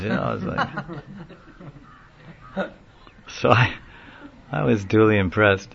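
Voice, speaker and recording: A man telling a long story in a casual, rambling way, often laughing and getting animated when he quotes people. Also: lowish voice, measured pace, gravelly, long pauses, dull audio. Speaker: speaker recounting a story in a class. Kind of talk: informal storytelling talk.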